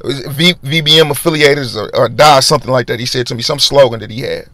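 A man's voice: mid-range voice, fast, fairly bright tone, dry recording. A young man telling a casual storytime monologue in street slang, acting out other men's lines in a raised voice. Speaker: vlogger.

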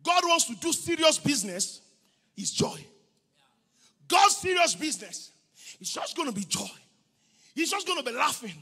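A man preaching a sermon as pastor, exuberant, breaking into shouts and laughter. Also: extremely high pitch, sing-song, normal speed, vocal fry.

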